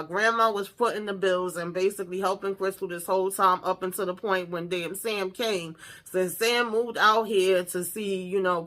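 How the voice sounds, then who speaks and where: A woman hosting a casual reality TV episode recap, talking in an animated, profane, exclamatory way. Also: mid-range voice.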